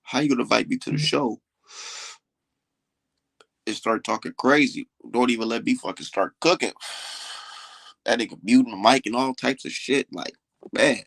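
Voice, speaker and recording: A man's voice: medium pitch, moderate pace, creaky, long pauses, a bit bright, no room sound. A young man hosting a livestream, ranting in a boastful, dismissive way with heavy swearing. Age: young adult. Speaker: livestream host. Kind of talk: profane livestream rant.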